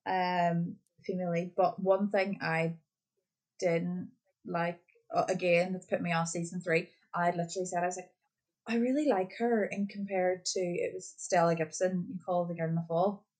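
A woman in casual chat, talking in a relaxed, rambling way with many restarts. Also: on the low side, normal speed.

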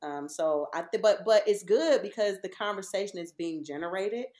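Animated woman telling stories. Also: medium pitch, normal speed. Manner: animated storyteller, laughs often. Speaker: podcast guest. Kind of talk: casual podcast conversation.

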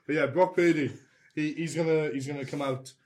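A man's voice: on the high side, fairly even intonation, brisk, a little mellow. A man co-hosting a casual sports podcast, jokey and fond of puns. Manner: jokey, punning, mock-dramatic about lost bets. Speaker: podcast co-host.

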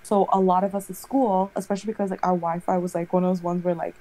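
A young woman in casual chat, telling a rambling, animated story full of "like". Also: on the low side, fast talker, rough recording.

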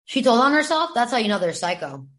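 A woman's voice: on the high side, big pitch swings, fast, fairly bright tone. A woman co-hosting a podcast in casual chat, reacting with gasps and casual swearing. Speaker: podcast co-host.

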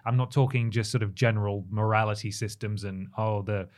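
A man's voice: fairly low pitch, fairly even intonation, a little fast, darkish tone. A man co-hosting a gaming podcast, talking in a casual, rambling way with fillers and self-corrections. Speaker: podcast co-host. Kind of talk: casual chat.

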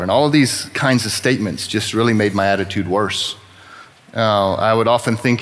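A Texan man delivers a sermon-style personal testimony in church, talking conversationally with a wry, self-deprecating humor. His voice is lowish and a bit bright, at a moderate pace.

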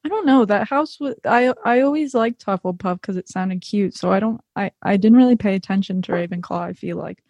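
A woman's voice: medium pitch, brisk, few pauses, a little mellow, dry recording, dull audio. A woman co-hosting a casual podcast, bubbly and laughing often. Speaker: podcast co-host.

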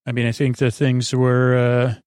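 A man's voice: mid-range voice, monotone, a little mellow, clean tone, no room sound, clean studio sound. A man hosting a podcast, rambling through a sleepy episode recap with lots of fillers. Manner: rambling, halting with many fillers; loosely quotes characters without doing voices. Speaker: podcast host.

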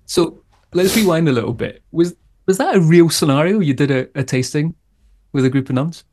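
A man's voice: on the high side, lively intonation, a little fast, a little mellow, a little hiss or hum. A man co-hosting a podcast in casual chat, friendly as he wraps up the episode. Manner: friendly, wraps up the show with plugs. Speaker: podcast co-host.

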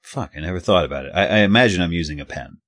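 A man's voice: low voice, rapid-fire, a bit bright, dry recording. A man playing a tabletop game in a rambling, stammering way with some swearing. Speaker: player. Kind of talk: tabletop role-play.

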